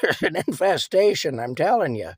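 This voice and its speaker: A man's voice: medium pitch, normal speed, vocal fry, darkish tone, no echo, studio quality. Man putting on a bossy, swearing old woman. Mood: angry. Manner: barking orders, swearing. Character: bossy profane older woman, sharp-tongued.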